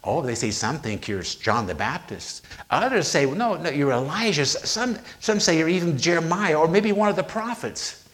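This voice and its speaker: A man preaching a sermon, retelling scripture with slow, emphatic pauses on quoted lines. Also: fairly high pitch, big pitch swings, fairly bright tone.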